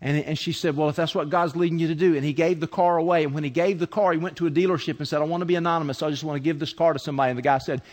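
A man's voice: a little high, steady tone, rapid-fire, hardly any pauses. A man preaching a sermon, telling a story in an earnest way and often repeating words as he starts a phrase. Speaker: pastor. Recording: long reverb of a large hall.

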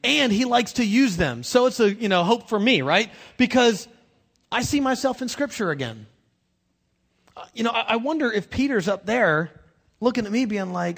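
Man, pastor, conversational sermon, high voice, very lively pitch, self-mocking, slangy. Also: normal speed, gravelly, husky. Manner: animated, self-deprecating, slangy preaching.

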